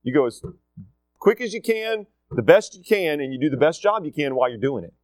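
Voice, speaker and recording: A man's voice: on the high side, very animated, a little fast, no room sound. A middle-aged man gives a casual, emphatic talk to students, repeating his key points. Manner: emphatic, repeats key phrases, acts out quotes. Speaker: school leader addressing students.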